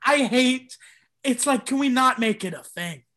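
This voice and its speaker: A stand-up comedian chatting casually on a podcast, telling slangy, laid-back stories and acting out little bits. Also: male voice, very high-pitched, expressive, unhurried, bright, forceful tone.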